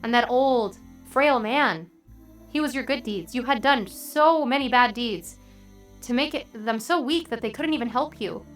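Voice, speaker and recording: A woman voicing a small girl's spirit in a dream who gently and earnestly admonishes her father, in a told story. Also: on the high side, unhurried, faint music behind, close to an everyday voice. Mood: tender. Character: little girl's spirit in a dream, tender and wise.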